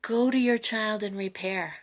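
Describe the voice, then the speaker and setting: A middle-aged woman, a psychotherapist guest on a podcast, giving animated parenting advice with lively asides and laughter. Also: mid-range voice, a little slow. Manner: animated, expressive, laughs often, acts out quotes.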